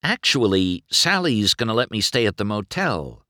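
A man reading a storybook aloud, voicing a cocky, excitable young race car who turns anxious and yells in alarm. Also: fairly low pitch, dry recording, studio quality, pitched above the performer's own voice. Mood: uneasy. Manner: anxious, quick to shout in alarm.

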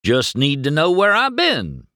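A goofy, boastful old tow truck from a storybook, as a man reading puts him on, with a folksy drawl and sing-song teasing. The voice sits well above the reader's low natural pitch and swoops wildly up and down. Close and dry, with no room sound. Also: wildly swooping pitch, unhurried, sharp tone, clean tone, dry recording, exaggerated voice.

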